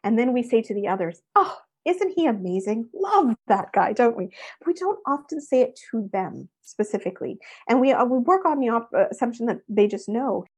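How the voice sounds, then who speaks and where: A middle-aged woman, a guest in an interview, telling a personal story with lively expression. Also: a little high, brisk, husky. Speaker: interview guest, workshop speaker.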